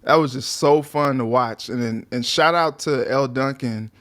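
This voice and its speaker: A man's voice: mid-range voice, normal speed. A young man co-hosting a sports talk show, chatting casually and animatedly, often acting out what players might say. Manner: animated, acts out players' voices in quotes.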